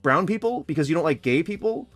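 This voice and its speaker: A man's voice: on the high side, expressive, fast, fairly bright tone, faint music behind. A man in his forties from Sacramento, California, delivering a heated, profane, sarcastic rant straight to camera in reply to a critic. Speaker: vlogger responding to a critic. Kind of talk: ranting direct-to-camera rebuttal.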